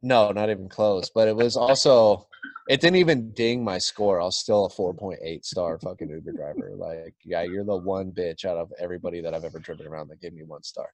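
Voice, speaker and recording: A man's voice: low voice, brisk, dry recording. A young man with a Californian accent, telling a profane, blunt story in casual podcast chat. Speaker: podcast guest.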